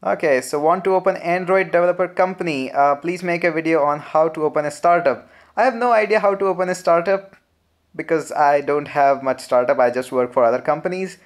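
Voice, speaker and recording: A young man with an Indian English accent answering viewer questions in a relaxed, chatty live Q&A, full of "uh" fillers. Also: on the high side, a little fast. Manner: relaxed, chatty, frequent "uh" fillers, laughs often. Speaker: programming channel host. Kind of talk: live Q&A, reading viewer comments.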